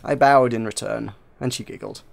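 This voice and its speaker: A man's voice: mid-range voice, fairly even intonation, moderate pace, vocal fry. A man reading a narrative game aloud for viewers, narrating with frequent slips and restarts.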